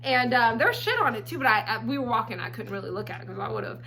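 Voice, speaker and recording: A woman telling a personal story on her vlog in a blunt, profane, animated way. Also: on the high side, fast, a little hiss or hum. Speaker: storytelling vlogger. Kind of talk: casual storytime.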